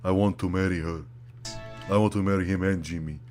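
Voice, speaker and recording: A man putting on a gruff, low-voiced know-it-all who lectures. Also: fairly even intonation, brisk, a little mellow, faint music behind, close to an everyday voice. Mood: mocking.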